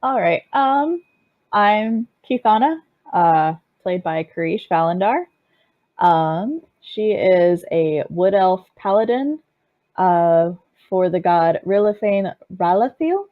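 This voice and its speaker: A woman's voice: mid-range voice, animated, takes it slowly, narrow, tinny audio. A woman describing her character at a tabletop game, hesitant with many fillers. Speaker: player.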